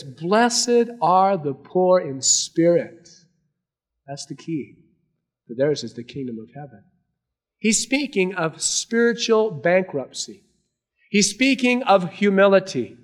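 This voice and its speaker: A pastor with a high-pitched voice preaches earnestly to his congregation, swinging between raised emphasis and hushed, quiet lines.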